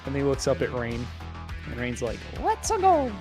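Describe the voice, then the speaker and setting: A man's voice: medium pitch, little pitch movement, normal speed, over music. A man co-hosting a podcast, casually recapping a movie plot with profane, jokey asides. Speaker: podcast co-host.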